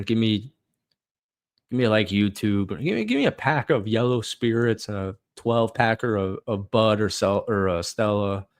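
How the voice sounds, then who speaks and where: A young man hosting a football podcast, ranting casually with frustration, swearing and laughing. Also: lowish voice.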